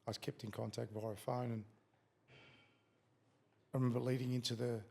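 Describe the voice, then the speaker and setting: Gravelly Australian man telling a story. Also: mid-range voice, little pitch movement, moderate pace, a little mellow, a little hiss or hum. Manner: swears freely, tells a story with relived quotes. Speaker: guest, former fighter. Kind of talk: casual storytelling in a podcast interview.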